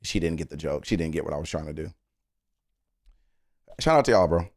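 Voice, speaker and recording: A man's voice: extremely low pitch, brisk, darkish tone, no echo, studio quality. A man hosting a music reaction live stream, talking earnestly to his chat, rambling with stammered restarts and casual swearing.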